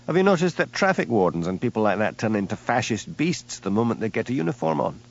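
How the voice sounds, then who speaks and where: A man playing a lazy, easygoing village policeman with a Scottish Highland accent, mild and unhurried. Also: big pitch swings, gravelly, lo-fi sound. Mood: dry.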